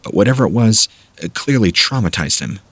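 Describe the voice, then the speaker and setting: A man reading first-person scary camping stories aloud as a measured, steady narrator. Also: on the low side, slightly rough, no room sound. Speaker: horror story narrator.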